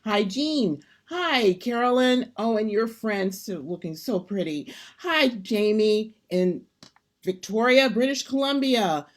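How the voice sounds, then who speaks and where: A woman's voice: fairly high pitch, animated, takes it slowly. A woman hosting an online sing-along, cheerfully greeting a long list of viewers by name. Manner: cheerful, rattling off names. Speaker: host.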